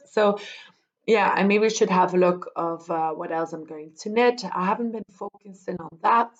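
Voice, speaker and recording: Podcast host, young woman, casual rambling chat, mid-pitched voice, muffled home mic. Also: moderate pace. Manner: rambling, many ums and restarts.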